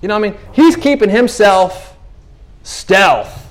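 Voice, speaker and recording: A man preaching a sermon in a conversational, animated way, acting out the voices of the people in the stories he tells. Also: sits high, unhurried.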